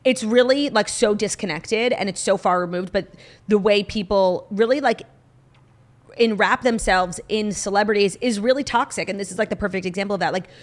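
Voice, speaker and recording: A woman co-hosting a podcast, chatting casually about pop culture with emphatic opinions and frequent "like". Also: mid-range voice. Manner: emphatic, says "like" often, animated opinions. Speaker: podcast co-host.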